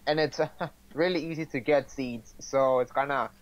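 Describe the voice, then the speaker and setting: A man's voice: medium pitch, moderate pace, dull audio. A man hosting a livestream of a game, chatting casually, hesitant with fillers. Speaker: streamer host. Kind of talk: casual gaming chat on a livestream.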